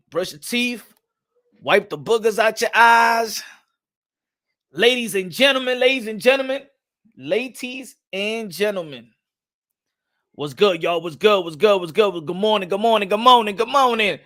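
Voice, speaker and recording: A young man hosting a lively live-streamed boxing morning show, hyped and shouty, with street slang and Spanish phrases. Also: high-pitched, moderate pace.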